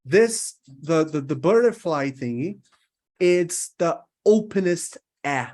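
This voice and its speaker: Slow, deliberate man teaching vowel sounds. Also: on the high side, expressive, a little mellow. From Brazil. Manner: checks in often with "right?". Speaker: English pronunciation teacher. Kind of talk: recorded lesson.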